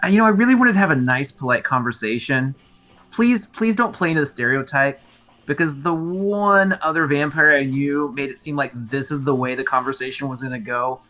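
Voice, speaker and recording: A man's voice: mid-range voice, a little fast, sharp tone, dull audio. A man playing a character in a tabletop game, speaking earnestly and casually. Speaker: player.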